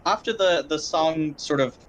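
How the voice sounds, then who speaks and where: A man running a tabletop game as game master, talking in a relaxed, rambling way with many filler words. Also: a little high, moderate pace, a little hiss or hum. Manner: relaxed, rambling, lots of likes. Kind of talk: casual tabletop game chat.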